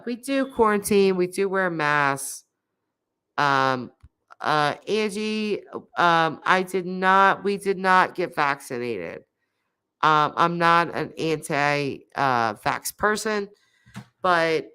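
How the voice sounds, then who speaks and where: A woman's voice: sits low, fairly bright tone, clean tone. A woman in her thirties, nasal and congested from a cold, chatting casually on a live stream and reading out viewer comments. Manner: coughing; chatty, laughs often, many fillers.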